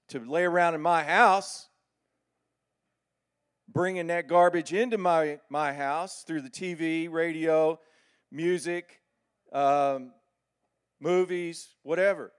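Middle-aged preacher guy, slightly high voice, lively folksy sermon. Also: smooth. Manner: animated, folksy storytelling.

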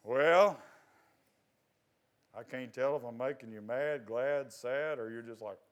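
A man preaching a sermon, asking his congregation questions and swinging from loud exhortation to quiet asides. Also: mid-range voice, slow.

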